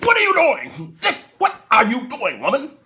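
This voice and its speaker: A man's voice: medium pitch, lively intonation, measured pace, pushed and bright, exaggerated voice. A man voicing a stern, disapproving middle-aged husband who lectures his wife indignantly.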